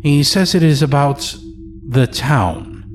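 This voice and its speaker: A man's voice: fairly high pitch, animated, slow pace, soft background music, voice pushed up. A man doing a hunched, deferential old servant. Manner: formal, hesitant, slightly raised voice.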